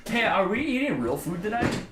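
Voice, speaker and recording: A man's voice: high voice, very animated, a little fast. A man co-hosting a home cooking show, joking around in casual chat. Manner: playful, joking. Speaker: co-host. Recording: echoey room, faint noise.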